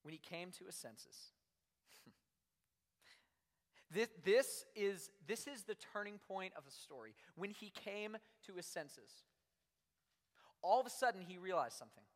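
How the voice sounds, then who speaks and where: A man's voice: sits high, animated, measured pace, long pauses. A young adult man preaching a sermon to a youth audience in a large room, talking conversationally and animatedly with lots of "like" fillers. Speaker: youth pastor. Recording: long hall reverb.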